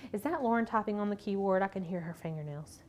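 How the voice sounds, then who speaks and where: A woman's voice: medium pitch, brisk. Woman chatting while she crafts on a livestream, giggly, says like a lot. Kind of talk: casual chat while crafting.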